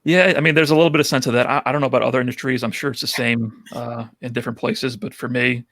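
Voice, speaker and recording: A man with a New York accent speaks quickly in a gravelly, husky voice, friendly and open as he chats as a podcast guest. The sound is dry and close, with no room behind him. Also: mid-range voice, fairly even intonation, a bit bright, no room sound. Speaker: podcast guest, rental business owner. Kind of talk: casual interview chat.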